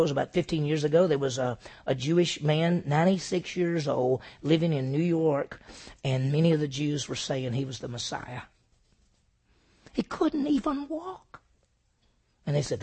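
A pastor preaches an emphatic sermon in a slightly high, gravelly, slightly rough voice. He asks rhetorical questions and swings between loud and hushed delivery.

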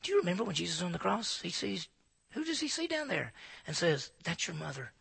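A man delivers a lively expository sermon, slipping into hushed voices for asides. His voice sits high and sounds bright and gravelly. The recording is dry and close. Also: quick pace, no room sound. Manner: animated, acts out disciples' asides in hushed voices. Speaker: pastor.

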